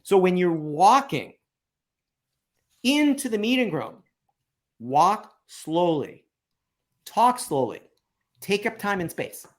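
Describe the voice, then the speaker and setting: A man hosting a live interview, giving advice through anecdotes in a slow, deliberate way. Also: sits high. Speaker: podcast host and coach.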